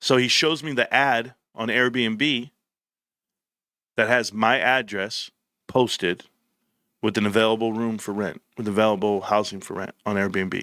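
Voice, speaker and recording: An unhurried, lowish-voiced middle-aged man hosts a casual livestream, bluntly and animatedly telling stories laced with slang. The recording is dry and has a clean studio sound.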